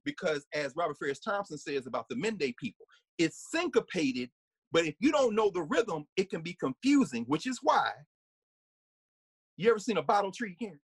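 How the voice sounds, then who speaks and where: A man giving a conversational lecture, animated and laughing often, sometimes singing snippets and acting out voices. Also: high-pitched, moderate pace, breathy edge, no echo.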